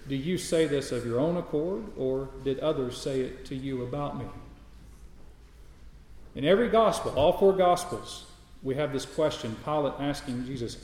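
A man's voice: medium pitch, a little mellow, very echoey, big-room sound, low-quality recording. A man preaching a sermon, reading scripture aloud and building his points through repeated emphatic phrases. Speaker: pastor.

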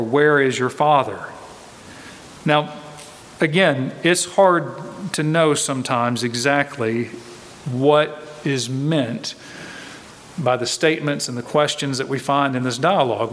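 A man's voice: mid-range voice, fairly bright tone. Man, pastor, expository sermon, emphatic, repetitive, long church reverb. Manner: earnest, emphatic, repeats key points.

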